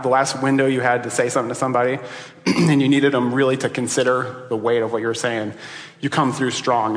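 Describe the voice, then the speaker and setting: A man in his thirties preaching a sermon as pastor, conversational and building to animated emphasis. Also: medium pitch, noisy background. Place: church sanctuary. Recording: echoey hall.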